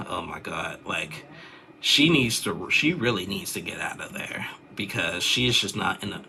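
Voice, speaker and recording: A man's voice: low voice, expressive, measured pace, creaky, pushed and bright, slight background noise. A young man chatting casually as he recaps a reality show, rambling with lots of fillers and restarts.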